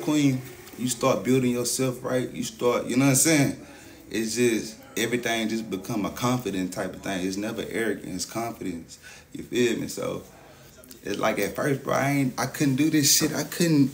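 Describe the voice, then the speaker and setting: Gravelly boastful man livestreaming. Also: medium pitch, slight background noise. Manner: boastful, hype talk with constant "you know what I'm saying" fillers. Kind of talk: casual livestream chat.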